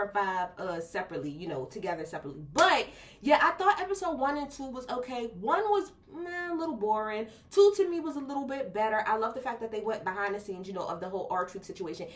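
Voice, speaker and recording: A woman's voice: a little high, slight background noise. A woman reviewing a wrestling show in a casual, blunt and profane video rant, full of slang.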